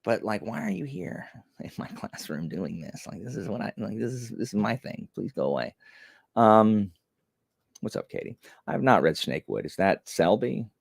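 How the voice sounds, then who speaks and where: A man's voice: lowish voice, sing-song, normal speed, creaky, breathy edge, no echo, clean studio sound. A young man chatting casually on a live stream, rambling and self-deprecating with many fillers.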